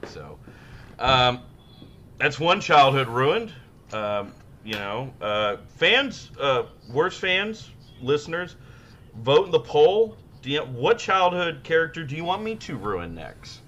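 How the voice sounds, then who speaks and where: Rowdy, swearing podcast host. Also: male voice, fairly high pitch, very animated, slow pace, lo-fi sound. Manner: rowdy, swears a lot, shouts when acting out stories. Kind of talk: casual chat.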